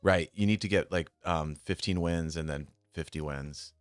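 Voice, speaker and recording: Deep-voiced man streaming live. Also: moderate pace, clear, resonant tone, no room sound. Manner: muttering, swears when frustrated. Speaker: streamer trading options. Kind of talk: casual live-stream chat. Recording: faint music behind. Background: faint music.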